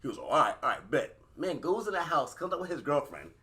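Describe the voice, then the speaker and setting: A man's voice: fairly high pitch, a little fast. A man co-hosting a casual podcast, laughing and acting out the people in his stories. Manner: laughing, animated storyteller acting out quotes. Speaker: podcast co-host. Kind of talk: casual chat.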